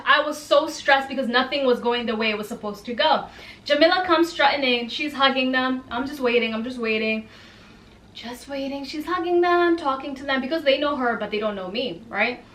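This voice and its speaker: A young woman telling a story to camera in casual chat, animated and dramatic, with slangy asides. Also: sits high, echoey room, distant mic. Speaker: storyteller vlogger.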